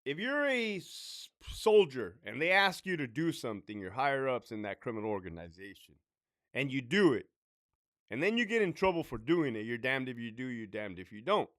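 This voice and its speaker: Blunt, profane former prison officer. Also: male voice, medium pitch, sing-song, normal speed, a bit bright, no echo, clean studio sound. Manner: blunt, profane, conversational, with frequent "right?" asides. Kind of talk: casual talk to camera.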